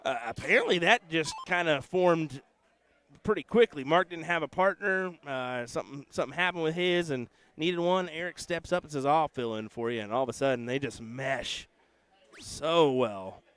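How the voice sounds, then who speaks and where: Smooth-voiced male darts commentator. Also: on the high side, moderate pace, no room sound. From United States. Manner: relaxed, chatty, self-deprecating asides. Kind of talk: live sports commentary.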